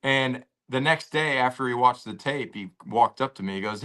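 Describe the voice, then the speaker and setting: Guest, male: bright forceful tone, animated storyteller, relaxed slangy delivery from home. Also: medium pitch, fairly quick, hardly any pauses. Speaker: podcast guest, former pro football player. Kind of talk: casual interview storytelling. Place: at home with a dog nearby.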